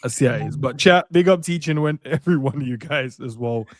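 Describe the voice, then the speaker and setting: A man's voice: mid-range voice, fast, dry recording, studio quality. A young man, co-hosting a football chat, joking around and reading out viewer messages. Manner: slangy, joking, reads out viewer comments. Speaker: co-host. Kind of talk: casual chat.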